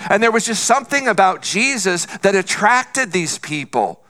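A man's voice: high-pitched, very animated, normal speed, bright, forceful tone. A man preaching a sermon as pastor, earnest and repeating phrases for emphasis.

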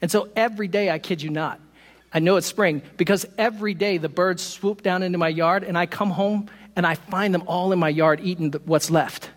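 High-voiced pastor preaching in a reverberant hall. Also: male voice, brisk. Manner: animated, self-deprecating humor, laughs at own stories. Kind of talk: sermon. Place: church sanctuary.

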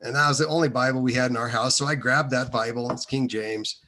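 Bright-voiced man, hesitant storyteller. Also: mid-range voice, fairly even intonation, fairly quick, slight background noise. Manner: hesitant and meandering, many fillers. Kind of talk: personal storytelling.

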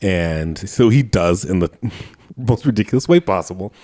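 A man with a somewhat low voice chats through a film's plot on a podcast. He laughs often as he retells scenes, swearing freely in a loose, casual way. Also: expressive, measured pace, warm tone. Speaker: podcast co-host. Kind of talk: casual movie-review chat.

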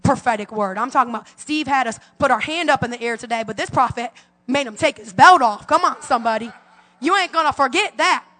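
A woman in her forties, a pastor, preaches a fervent sermon to her congregation in a church sanctuary, using call-and-response. Her high voice is pushed and bright, she speaks fairly quickly, and the sound carries like a large hall.

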